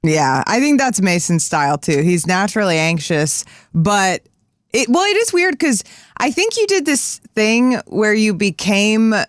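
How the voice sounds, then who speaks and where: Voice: mid-range voice, very animated, a little slow, dry recording, clean studio sound. A co-host in their thirties chatting casually on a live show, joking and laughing easily. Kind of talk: casual live-stream chat.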